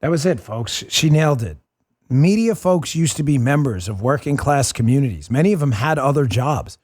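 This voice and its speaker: A man hosting a political talk show, talking in a fast, combative, sarcastic way. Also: medium pitch, expressive, darkish tone. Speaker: host.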